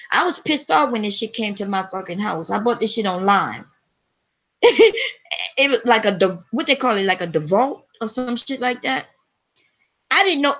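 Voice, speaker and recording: A woman hosting a live stream, telling a story to her chat in an animated, profane way and laughing often. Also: on the high side.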